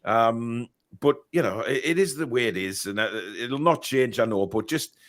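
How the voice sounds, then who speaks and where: A man's voice: medium pitch, moderate pace, a bit bright. A middle-aged man, hosting a casual football show and reading out viewer comments in a rambling, chatty way. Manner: rambling, chatty, many restarts. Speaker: podcast host.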